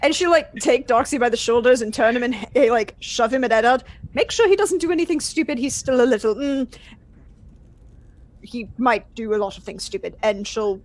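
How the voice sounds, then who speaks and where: A woman's voice: fairly high pitch, lively intonation, normal speed, no room sound. A woman player in a tabletop game, chattily describing what her character does.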